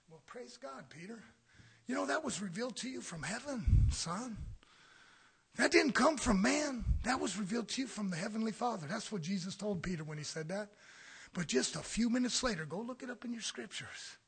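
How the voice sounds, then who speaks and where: A male preacher delivering a fiery sermon in a church, blunt and confrontational, swinging from shouting to hushed near-whispers. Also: very high-pitched, gravelly, husky. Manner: blunt, confrontational, repeating phrases.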